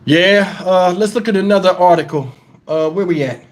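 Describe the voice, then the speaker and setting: A middle-aged man with a notably high voice hosts a casual livestream, speaking bluntly with plenty of profanity. He sounds shaken and worked up, and he keeps turning to talk straight to his chat. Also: normal speed. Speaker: livestream host.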